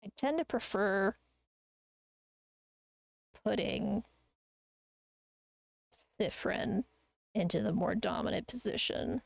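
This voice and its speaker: A woman's voice: medium pitch, takes it slowly, vocal fry, pauses often, dry recording. A woman chatting casually while she draws on a live art stream, rambling and ranting with plenty of swearing. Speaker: artist streamer.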